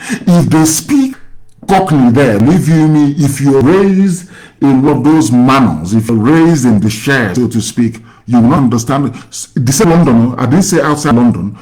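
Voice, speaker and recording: A man's voice: mid-range voice, animated, moderate pace, a little mellow, low-quality recording. Lecturing Nigerian man, rhetorical questions. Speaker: radio host. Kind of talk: casual call-in chat.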